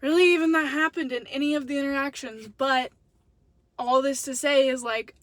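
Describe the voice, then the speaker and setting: Young woman vlogger, high voice, chatty storytelling, dry close phone sound. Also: moderate pace, no room sound. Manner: chatty, animated, acts out dialogue. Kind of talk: casual storytelling vlog.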